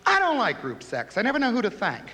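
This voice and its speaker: A middle-aged man in drag works a television audience with campy, flamboyant punchlines, his voice pitched high and swooping all over. The old 1970s broadcast tape hisses under a long hall reverb, and a crowd laughs loudly behind him. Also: huge pitch swings, fast. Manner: campy, flamboyant joke delivery. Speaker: stand-up comedian in drag. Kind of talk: stand-up comedy. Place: TV studio stage before a laughing audience.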